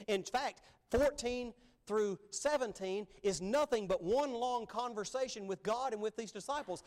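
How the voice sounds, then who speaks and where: A man preaching a sermon as pastor, emphatic, swinging between loud stresses and hushed asides. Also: very high voice. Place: church sanctuary.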